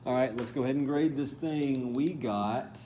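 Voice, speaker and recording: A man's voice: medium pitch, moderate pace, warm tone, a little hiss or hum. A man teaching a calculus problem step by step in a casual, thinking-aloud way, now and then correcting himself. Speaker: math teacher. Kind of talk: calculus lesson walkthrough.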